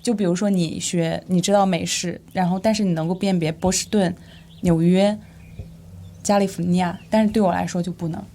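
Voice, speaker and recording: A woman's voice: fairly low pitch, steady tone, fairly quick. A woman whose first language is Chinese, co-hosting a casual chat and asking curious questions. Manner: soft backchannels, curious questions. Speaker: co-host.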